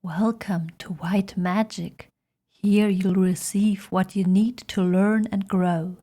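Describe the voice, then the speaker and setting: A gentle angelic being speaks in a hushed whisper, put on by a woman. The voice is soft and unhurried, set slightly back from the mic. It is a whispered role-play, serene and kindly. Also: mid-range voice, steady tone.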